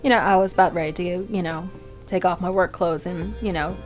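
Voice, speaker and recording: Animated woman telling a comic story. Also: on the low side, a little fast, soft background music. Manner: animated, theatrical, playfully indignant. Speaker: vlogger.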